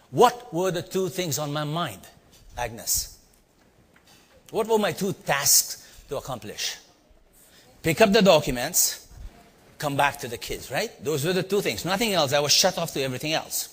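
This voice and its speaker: A man from India with an Indian accent, telling a story to a live audience and quizzing them with quick asides. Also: fairly high pitch, breathy edge. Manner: animated, quizzing the audience with "yeah?" and "right?". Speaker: leadership speaker. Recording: long hall reverb.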